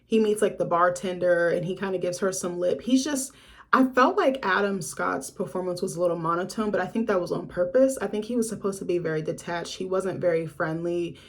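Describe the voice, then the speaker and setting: A woman's voice: on the low side, fairly quick. Chatty, blunt woman reviewing a film. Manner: chatty, frank, swears freely, sassy asides. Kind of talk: casual film review vlog.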